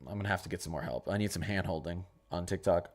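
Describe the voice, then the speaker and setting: Speaking fast in a low voice, a young weather channel host runs a casual livestream. He rambles over model charts while taking viewer questions, repeating himself often.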